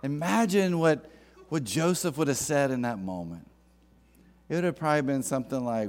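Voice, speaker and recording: A man's voice: mid-range voice, animated, moderate pace, a little mellow. A male pastor preaching a sermon in a conversational, joking storytelling manner.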